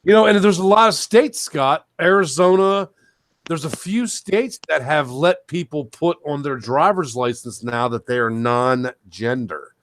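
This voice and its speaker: A man's voice: fairly high pitch, measured pace, no echo. A man hosting a talk show, ranting heatedly in casual talk, swearing and raising his voice when angry. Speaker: show host.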